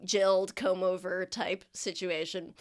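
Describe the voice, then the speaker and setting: A woman's voice: on the low side, flat delivery, unhurried. Woman game master, rambling, giggly narration. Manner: rambling, filler-heavy, giggly.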